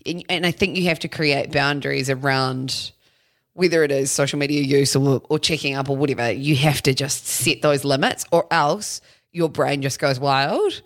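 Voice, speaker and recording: Deep-voiced NZ female host, reflective, casual, easygoing swearing. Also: normal speed. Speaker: podcast host. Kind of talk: casual podcast chat.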